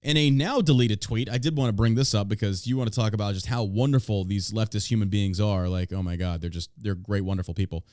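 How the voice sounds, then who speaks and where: A man hosting a podcast in casual chat, talking in an animated, profane and sarcastic way. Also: on the low side, quick pace, few pauses, no echo, clean studio sound. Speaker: podcast host.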